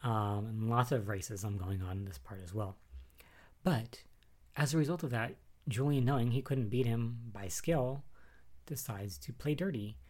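A man's voice: medium pitch, normal speed, darkish tone. A man casually recapping soap opera episodes, chatty and rambling, with lots of fillers and asides. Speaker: recap vlogger.

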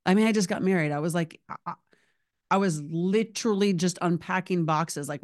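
A woman in her thirties hosts her own podcast, talking straight into a close microphone in a dry, unechoing room. She is animated and emotional, chatty and candid, tossing in "like" as she goes. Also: lowish voice, normal speed, no echo. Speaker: podcast host. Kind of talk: solo podcast monologue.

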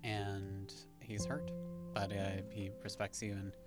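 A man's voice: deep voice, slow pace. Laid-back male game master with music behind. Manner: relaxed, laughing often. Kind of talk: narrating a tabletop game.

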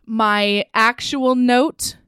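A woman co-hosting a podcast, recapping a romance novel in casual chat, animated and profane, often laughing. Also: a little high, drawn-out words, smooth, no echo, studio quality. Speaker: podcast co-host.

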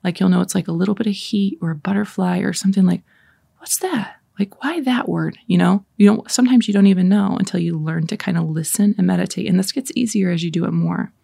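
Gravelly, husky woman leading prayer. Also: lowish voice, fairly even intonation, no echo. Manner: slow, soft reading with whispered passages; casual, chatty asides. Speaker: prayer leader. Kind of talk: guided scripture meditation.

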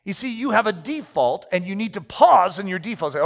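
A pastor giving an animated sermon, telling stories with acted-out asides. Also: male voice, high voice, brisk, gravelly. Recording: reverberant hall.

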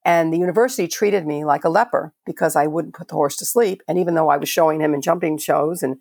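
A woman's voice: low voice, fast talker, creaky, darkish tone, slightly rough, dry recording, clean studio sound. An older woman from Florida, a veterinarian guest on a podcast, telling stories in a passionate, conversational way with frequent restarts. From Florida, USA. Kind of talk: podcast interview storytelling.

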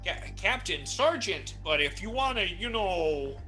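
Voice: medium pitch, sing-song, unhurried, pushed and bright, faint music behind. A game master voicing a folksy, greedy male sergeant guard who fills his talk with verbal tags. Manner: folksy drawl with filler tags.

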